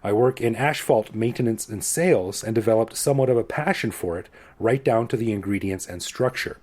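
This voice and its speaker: A Canadian man in his forties co-hosting a podcast, talking in a relaxed, self-deprecating way. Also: fairly low pitch, a little fast. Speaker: podcast co-host. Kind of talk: casual chat.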